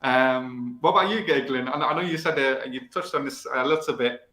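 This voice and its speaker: A man's voice: medium pitch, brisk, sharp tone, roomy sound, low-quality recording. A man from the north of England with a Manchester accent, an English teacher chatting casually. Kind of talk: casual chat on a video call.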